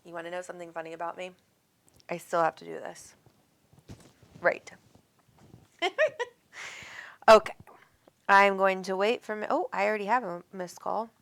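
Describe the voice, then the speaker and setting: A woman's voice: fairly low pitch, fairly even intonation, normal speed, vocal fry, long pauses, fairly bright tone. A woman hosting a live call-in show, chatting casually in a bubbly, affectionate way and laughing often. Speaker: psychic medium show host. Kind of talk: casual live-stream chat.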